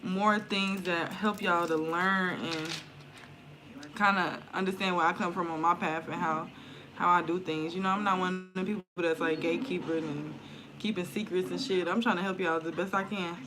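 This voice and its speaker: A woman's voice: on the low side, fairly even intonation, normal speed. Chatty, slangy woman streaming from home. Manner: chatty, slangy and loose, swears freely. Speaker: tarot reader and spiritual content creator. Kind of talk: casual live-stream chat to viewers. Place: indoors at home near an open window. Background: outdoor noise through the window.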